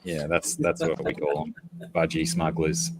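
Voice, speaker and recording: An Australian man in casual chat, explaining things slowly with lots of hesitant fillers. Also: extremely low pitch, little pitch movement, heavy background noise.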